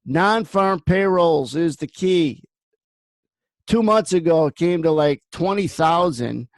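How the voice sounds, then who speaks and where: A man's voice: a little high, animated, takes it slowly, dry recording. A man hosting a trading room, giving blunt market commentary that wanders into personal stories. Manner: blunt, rambling storyteller.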